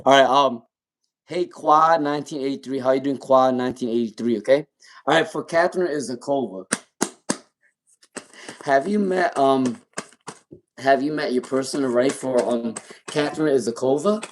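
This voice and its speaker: Casual male tarot reader on a live stream. Mid pitch, loose and repetitive, reads names straight off the chat. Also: fairly quick, a little hiss or hum. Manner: casual, repeats names and questions, laughs often while reading chat.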